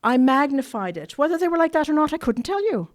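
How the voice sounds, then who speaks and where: A woman's voice: high voice, very animated, fast talker. A woman from Ireland, speaking to a recovery meeting and telling her story bluntly and candidly, with frequent laughter. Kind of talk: personal recovery talk to an audience. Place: workshop meeting room.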